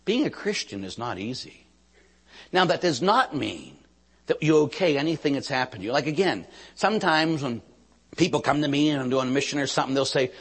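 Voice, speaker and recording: A man's voice: medium pitch, expressive, brisk, breathy edge, in a large hall. A man, a Catholic priest, preaching a sermon with stories, acting out quotes and asking his listeners questions. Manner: storytelling, acts out quotes, asks the audience "Huh?".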